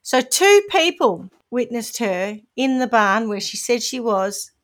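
Kiwi woman, podcast co-host, animated storyteller with a slightly high voice, wry and chatty. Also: a little slow. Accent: New Zealand. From New Zealand. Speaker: podcast co-host presenting the case. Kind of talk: casual chat.

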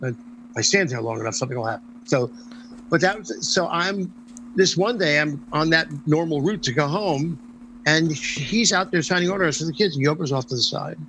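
An older man, a former stage performer, telling a lively anecdote in an interview with frequent ums and restarts. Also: a little high, brisk, a little hiss or hum, rough recording. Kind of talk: storytelling anecdote in conversation.

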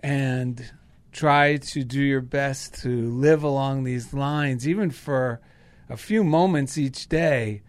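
A man's voice: medium pitch, slow pace. Earnest, enthusiastic man on faith. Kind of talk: casual spiritual chat.

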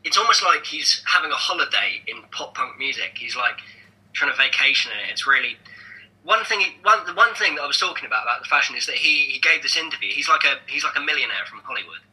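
A young man chatting on a podcast, his voice very bright and forward. He rambles, trips over his words and restarts, getting animated as he goes. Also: medium pitch, fast, low-quality recording. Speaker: podcast co-host. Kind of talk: casual podcast chat.

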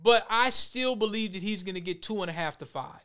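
A man hosting a casual talk show, blunt and profane, telling stories with animated quoted voices. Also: high-pitched, fairly quick, clear, resonant tone.

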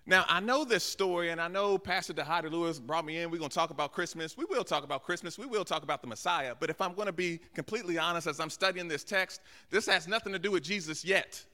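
A man's voice: on the high side, fast talker, hardly any pauses, bright, forceful tone. A man, a guest pastor, preaching a sermon in a church, acting out little asides and calling out to the congregation. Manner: preaching with acted-out asides and call-outs to the congregation. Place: large church sanctuary. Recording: long hall reverb.

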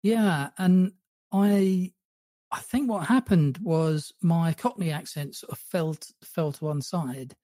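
English podcast host with a received pronunciation accent, mellow tone, dry close sound, chatty and quick to laugh. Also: male voice, a little high, no room sound. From England. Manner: laughs often, plays with accents. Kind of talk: casual conversation.

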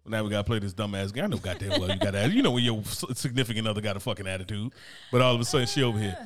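Guy talking real fast and cussing, doing little voices when he quotes people. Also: fairly low pitch. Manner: profane, animated storytelling, acts out quoted voices. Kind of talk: casual chat.

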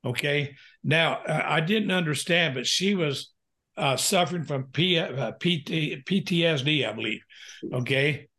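Earnest older man, somewhat high voice. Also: pushed and bright. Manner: earnest, halting with frequent uh fillers. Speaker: guest, pastor and counselor. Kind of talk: candid personal storytelling in a podcast interview.

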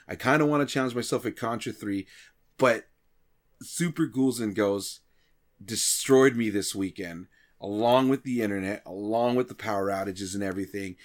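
A man telling stories in a casual, animated way, often swearing and acting out his own reactions. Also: fairly low pitch, moderate pace. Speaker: streamer and podcast regular. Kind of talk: casual chat.

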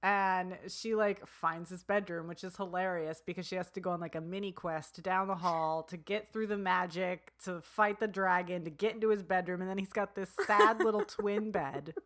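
A woman co-hosting a casual book discussion, animated, acting out characters' lines as she retells the story. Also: on the low side, normal speed, few pauses. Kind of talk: casual chat.

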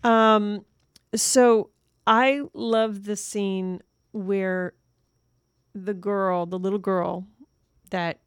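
A woman's voice: medium pitch, very slow, long pauses, clear, resonant tone, dry recording. Chatty woman with a dry sound. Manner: animated, laughs often, quotes scenes. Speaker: podcast co-host. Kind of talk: casual movie review chat.

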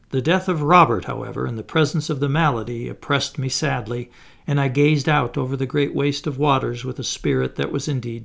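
A man reading an audiobook aloud as its narrator, in a measured, solemn way. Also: mid-range voice, vocal fry. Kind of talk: scripted narration.

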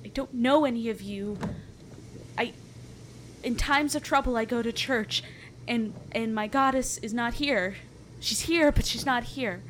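A woman's voice: lowish voice, little pitch movement, vocal fry, slight background noise. A woman voicing a frightened young woman adventurer who halts and stammers over her words. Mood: distraught. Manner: halting, stammering.

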